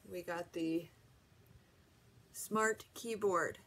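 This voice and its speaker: A woman's voice: on the low side, fairly even intonation, drawn-out words, a bit bright. A woman hosting a home video, chatting casually and correcting herself as she unboxes a gadget. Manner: chatty, rambling, self-correcting. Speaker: vlog host.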